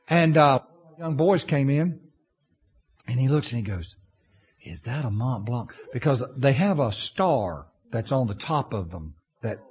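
A male pastor preaching a sermon, telling stories and swinging between loud bursts and low asides. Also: breathy edge.

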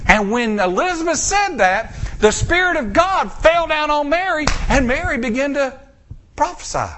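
High, lively preacher man telling a story. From United States. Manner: storytelling, acting out characters' lines in lively voices; drawn-out, emphatic pauses. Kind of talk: sermon.

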